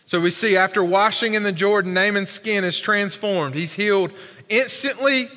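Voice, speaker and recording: A man's voice: high-pitched, normal speed, pushed and bright. A male pastor preaching a sermon in a large church, emphatic and colloquial, with many rhetorical questions. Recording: long hall reverb.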